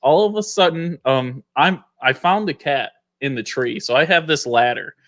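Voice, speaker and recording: A man's voice: a little high, moderate pace, fairly bright tone, no echo, clean studio sound. A man chatting casually as a podcast guest, telling a long rambling story full of "like" and restarts.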